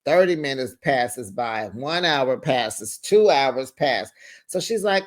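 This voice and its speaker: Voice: medium pitch, lively intonation, measured pace. A reality TV recap host telling the story to viewers in a sassy, chatty way, full of slang asides and acted-out quotes. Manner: acts out quoted people in changed voices. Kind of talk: casual recap commentary to viewers.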